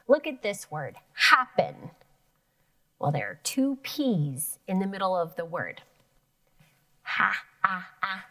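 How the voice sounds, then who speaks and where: Slow, lively-voiced woman teacher. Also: medium pitch. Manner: slow, sounding out words syllable by syllable. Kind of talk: elementary phonics lesson.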